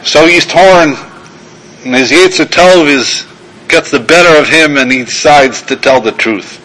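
A man's voice: fairly high pitch, unhurried, pushed and bright, slight background noise, rough recording. An older man, a rabbi, giving a talk and telling a story in a self-deprecating, storytelling manner, acting out the characters. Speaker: rabbi and guest lecturer. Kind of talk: sermon-style talk with anecdote.

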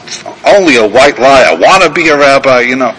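There's background noise as an older man, a rabbi invited as guest lecturer, delivers a sermon-style talk with a story. His mid-range voice is animated and a little fast, and he mocks himself while performing the characters' parts.

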